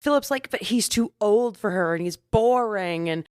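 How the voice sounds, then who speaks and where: A woman's voice: medium pitch, expressive, moderate pace, a little mellow, clear, resonant tone, dry recording, clean studio sound. A woman co-hosting a podcast in casual chat, recapping animatedly and swearing freely. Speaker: podcast co-host.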